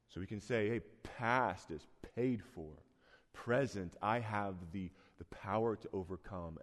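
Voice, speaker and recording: A man preaching a sermon in a church, conversational and earnest, with sudden rising bursts of emphasis. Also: fairly low pitch. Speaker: pastor. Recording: long hall reverb.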